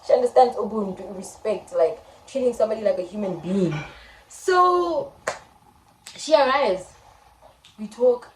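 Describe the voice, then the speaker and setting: Brief: South African woman, 20s, animated storytime vlogger, roomy echo, light noise. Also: a little high, a little slow, pauses often, far from the mic. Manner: animated, dramatic retelling with quoted voices. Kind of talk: casual storytime. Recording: echoey room, faint background noise.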